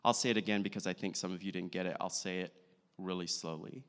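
A man, a pastor, preaching a sermon with a measured delivery and slow, deliberate emphasis. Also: low voice, steady tone, a bit bright, clear, resonant tone. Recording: long hall reverb.

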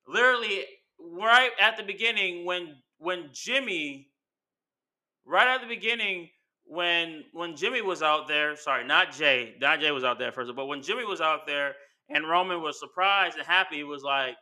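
A man casually recapping a wrestling show, animated and slangy, acting out what the wrestlers said. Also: fairly high pitch, moderate pace. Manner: animated, acts out quotes with slang. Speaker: wrestling commentary vlogger.

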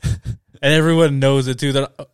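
A man's voice: medium pitch, fairly even intonation, moderate pace, clean tone, no echo, clean studio sound. A man co-hosting a podcast in casual chat, laid-back, swearing and laughing along. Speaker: podcast co-host.

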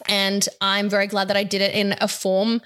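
A woman's voice: mid-range voice, completely flat delivery, normal speed, fairly bright tone, smooth. A young woman hosting a podcast, talking openly and from the heart. She laughs easily and speaks in a casual, personal way between friends. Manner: open and heartfelt, laughs often. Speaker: podcast host.

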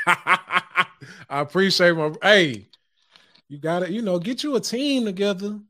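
High-voiced man preaching casually. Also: slow pace, pushed and bright. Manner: loose, preachy, chuckles often, curses casually. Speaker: podcast host. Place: home studio.

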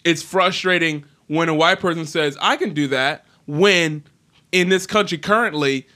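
A man co-hosting a casual podcast chat, animated and laughing often. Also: on the high side, normal speed. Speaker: podcast co-host.

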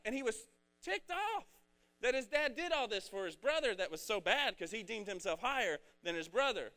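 A young male preacher in a casual, joking sermon. His voice sits high and swings widely in pitch. His delivery is animated and slangy. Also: moderate pace.

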